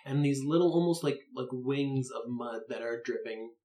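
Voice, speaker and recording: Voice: medium pitch, moderate pace, mellow. Rambling game master, roomy echo. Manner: loose, rambling descriptions full of "like". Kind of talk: narrating a tabletop game.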